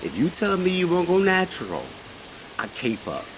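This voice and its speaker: A man in his forties telling a personal story in casual chat, animated and often asking his listener questions. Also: high-pitched, normal speed. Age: 40s. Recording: noisy recording.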